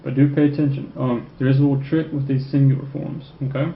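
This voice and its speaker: Male French teacher, mid-pitched voice, tags "okay?" after every point, dull lo-fi recording. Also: flat delivery. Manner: checks in with "okay?" constantly, repeats French phrases slowly. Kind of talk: recorded classroom lecture. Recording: echoey room, dull lo-fi sound, faint noise.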